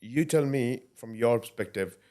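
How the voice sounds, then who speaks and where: A man hosting a casual podcast interview, soft-spoken, often trailing off and restarting his questions. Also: medium pitch, normal speed. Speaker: podcast host.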